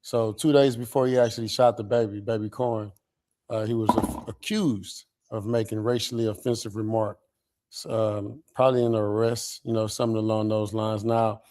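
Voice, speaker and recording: A man's voice: lowish voice, fairly even intonation, normal speed, mellow. A man co-hosting a radio show, reading a news story aloud and commenting casually with many fillers.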